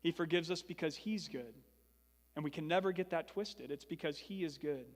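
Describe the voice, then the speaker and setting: Young guy pastor preaching, high voice, earnest and emphatic, big echoey church hall. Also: normal speed. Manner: earnest, building to emphatic repetition. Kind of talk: sermon.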